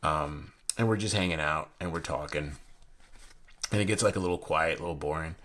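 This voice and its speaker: A man's voice: very deep voice, fairly quick, fairly bright tone. A young man chatting casually while reviewing a deck of playing cards, rambling from one story to the next with many fillers and restarts. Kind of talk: casual unboxing chat.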